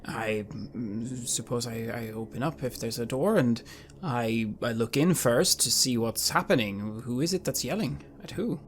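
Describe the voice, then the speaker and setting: A man's voice: mid-range voice, unhurried, few pauses, a little hiss or hum. Hesitant stammering man playing a role. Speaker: player. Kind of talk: playing a character in a tabletop game.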